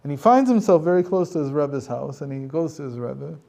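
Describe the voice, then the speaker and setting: A man's voice: on the high side, animated, fairly quick, creaky, dark tone. A man, a rabbi and teacher, telling a story in a conversational lecture with frequent chuckles.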